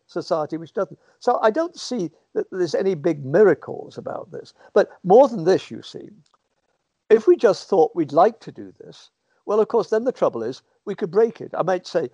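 A man's voice: high voice, warm tone, breathy edge, no room sound, muffled recording. A man answering interview questions in a thoughtful, rambling way, often acting out what people might say, heard over a remote call microphone. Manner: thoughtful, rambling, acts out quoted speech.

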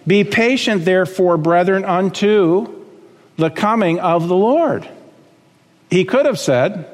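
A man preaching a sermon as pastor, emphatic, climbing high on key words and dropping low again. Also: animated, takes it slowly, long reverb tail.

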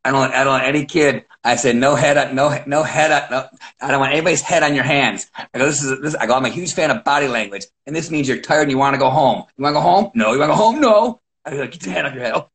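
A middle-aged man, a wrestling coach, chatting casually and acting out his own calls and shouts as he tells stories. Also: mid-range voice, racing, hardly any pauses. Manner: animated storyteller, acts out his own shouts. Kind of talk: casual podcast chat.

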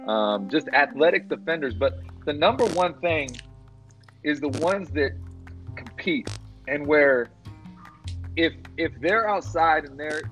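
A man, a guest basketball coach, talking in a halting way with many restarts. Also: fairly high pitch, fairly bright tone, muffled recording. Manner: halting, frequent restarts and fillers. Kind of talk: casual interview.

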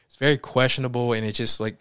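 A man tears into a movie in a loose, profane rant. He sounds exasperated and breaks into laughter often. His voice sits at a medium pitch and is recorded close and dry, with no room sound. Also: fairly even intonation, fast talker, pushed and bright, clean tone, no room sound. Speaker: movie reviewer. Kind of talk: casual film review rant.

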